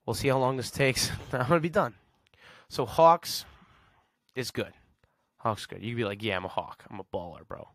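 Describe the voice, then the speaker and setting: A man's voice: mid-range voice, animated, fairly quick, a bit bright, no room sound, studio quality. A man hosting a podcast, rambling sarcastically in a casual solo rant and chuckling at his own jokes. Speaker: podcast host.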